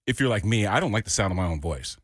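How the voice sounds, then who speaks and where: A male co-host on sports radio talks fast and loose in a low voice. He keeps it animated and conversational. His mic is close and dry. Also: dry recording. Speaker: guest co-host. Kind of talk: casual sports radio chat. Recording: dry studio sound.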